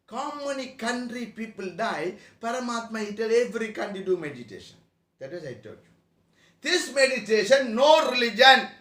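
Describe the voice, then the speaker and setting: A man teaches a spiritual class in broken English. His voice sits very high and sounds sharp and bright. The room around him is echoey. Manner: broken English, rhetorical questions to the audience. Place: meeting room.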